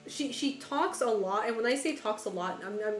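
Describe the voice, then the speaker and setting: A woman's voice: fairly high pitch, lively intonation, normal speed. A woman streamer chatting casually with her viewers while gaming, laughing often and swearing casually. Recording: roomy echo with faint music behind.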